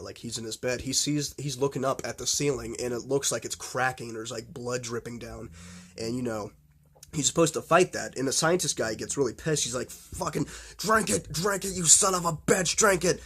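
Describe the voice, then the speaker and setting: A man in mid pitch, talking off the cuff about films he loves. He rambles, trips over restarts and fillers, and swears without a second thought. His enthusiasm keeps pushing him onward. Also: husky. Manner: blunt and profane. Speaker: horror film vlogger. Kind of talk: casual unscripted film talk.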